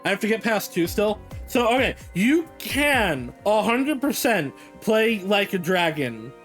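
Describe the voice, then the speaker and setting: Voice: medium pitch, very animated, a little slow, fairly bright tone, faint music behind. A streamer giving playful, joking commentary during a live game playthrough.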